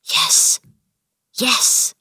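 A woman's voice: fairly high pitch, animated, moderate pace, dry recording, clean studio sound. A woman voicing a pale, sickly young boy who fires off eager, breathless questions in a storybook reading. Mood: whispered.

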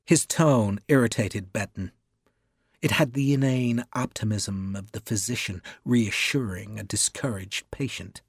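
Slow, husky male narrator. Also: fairly low pitch, no room sound, studio quality. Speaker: audiobook narrator. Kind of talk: scripted narration.

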